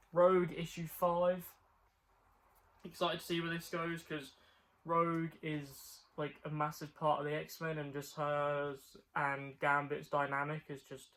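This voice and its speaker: A man's voice: on the high side, a bit bright. A young man chatting casually about his comic book haul, rambling with lots of fillers. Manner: rambling, filler-heavy, repeats "like".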